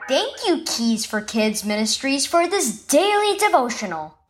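A woman's voice: high-pitched, big pitch swings, measured pace, soft background music. A woman narrating a children's devotional story reading in a storytelling manner. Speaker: devotional reader.

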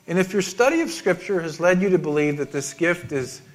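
A middle-aged man preaching a sermon, halting and self-deprecating, with many restarts and small laughs. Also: high-pitched, expressive. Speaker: pastor.

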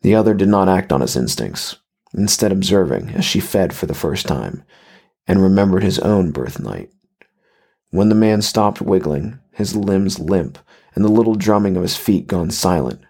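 A man reading a horror story aloud in measured, even scripted narration. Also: sits low, creaky, slightly rough.

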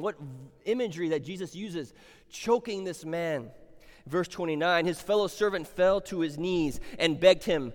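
A man with a slightly high voice preaches a sermon, working through scripture verse by verse. He repeats key phrases for weight and throws rhetorical questions at the congregation. The sound carries a long hall reverb. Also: unhurried. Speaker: pastor.

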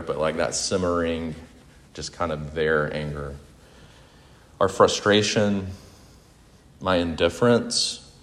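A man's voice: low voice, fairly bright tone. A man in his forties preaching a sermon in a reflective, confessional way, talking conversationally and often correcting himself mid-sentence. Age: 40s. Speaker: pastor. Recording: long hall reverb.

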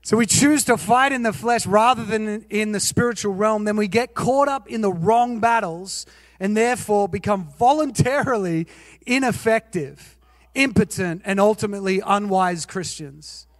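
A man's voice: sits high, moderate pace, dry recording, big-room sound. A male pastor preaching a sermon, telling self-mocking personal stories and asking his listeners questions. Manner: animated, self-mocking, asks the audience questions.

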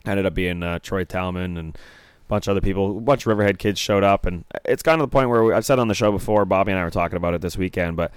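A man's voice: low-pitched, clean tone, no echo. A young man co-hosting a podcast in casual chat, rambling with lots of filler words. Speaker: podcast co-host.

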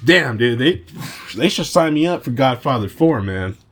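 A man's voice: mid-range voice, expressive, normal speed, slight background noise. A man hosting a podcast, talking casually in a brash, boastful and profane way. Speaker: podcast host.

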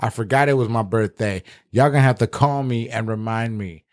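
A man's voice: medium pitch, a little fast. A man co-hosting a podcast, telling a rambling, profane story in casual chat. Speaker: podcast co-host.

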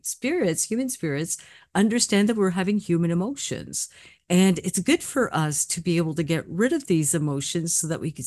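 A woman with a lowish voice speaks as a psychic medium in a casual panel chat. She tells stories in an earnest, gentle, reassuring way. The sound is close and dry, with no room around it. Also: no room sound.

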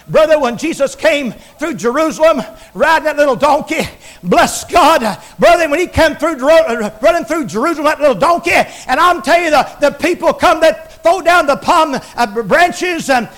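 Very high-pitched preacher, shouting. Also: male voice. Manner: swings from shouting to low murmurs, repeats words, halting restarts. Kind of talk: Pentecostal-style broadcast sermon.

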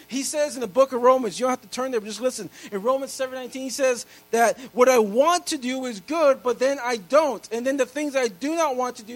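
A male pastor preaching a sermon, reading scripture loudly and slowly, then dropping into quiet, quick asides to the congregation. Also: extremely high pitch, rough recording.

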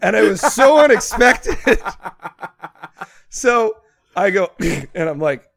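A man co-hosting a podcast, telling a story in a casual, animated way with plenty of swearing. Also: high-pitched, takes it slowly, gravelly. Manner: animated, profane storyteller with swinging loudness. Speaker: podcast co-host.

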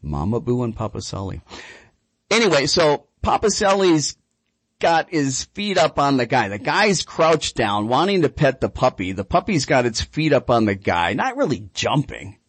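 A man with a husky voice hosts a radio show, telling a story in a swinging, animated tone. His talk rambles and doubles back on itself. The sound is close and dry, with no room behind it. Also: medium pitch, normal speed, no echo. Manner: lively, rambling anecdote with repeated words. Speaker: radio show host and dog trainer.

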